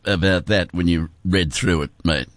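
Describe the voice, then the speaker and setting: An Australian man hosting a radio show, chatty, laughing often and filling pauses with "uh". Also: low voice, steady tone, fairly bright tone, no echo. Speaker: radio host.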